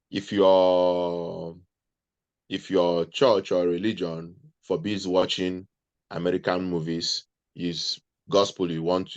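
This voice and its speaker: Earnest and advising, this man speaks as an interview guest in a low voice, often breaking off to restart and repeat himself mid-sentence. It's a conversational interview with no echo.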